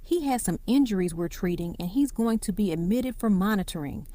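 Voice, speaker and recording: Composed female nurse, even and measured, woman narrator doing the lines. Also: mid-range voice, no echo, close to an everyday voice. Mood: calm. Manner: even, professional phone manner. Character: calm, steady female ER nurse.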